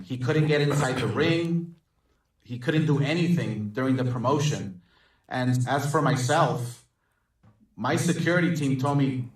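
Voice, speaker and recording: A man speaking at a press event, explaining himself defensively. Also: medium pitch. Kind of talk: press statement. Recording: echoey room, voice from a distance.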